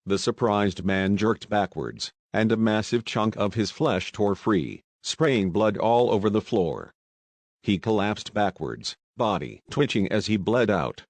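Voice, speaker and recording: A man narrating an audiobook in steady, even scripted storytelling. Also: on the low side, a little slow, no room sound.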